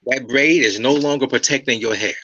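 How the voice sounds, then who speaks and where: A man's voice: mid-range voice, fairly quick, pushed and bright, highs cut off. A man speaking as a guest hair stylist in a casual interview. He explains through stories and keeps checking in with "okay?" and "right?". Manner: storytelling, repeats himself, checks in with "okay?" and "right?".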